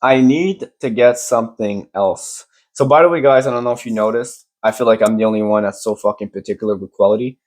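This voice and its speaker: A man's voice: fairly low pitch, a little fast, hardly any pauses, a little mellow. A man co-hosting a casual podcast, joking crudely and rambling, recorded on a phone. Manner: joking, rambling, says random things. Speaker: podcast co-host. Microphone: phone camera.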